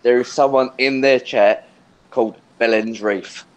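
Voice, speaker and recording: A man from London with a Cockney accent, trading cheeky banter on a live stream call. He laughs easily and speaks at an unhurried, slow pace. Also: medium pitch, steady tone, clear, resonant tone, dull audio. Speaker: stream guest.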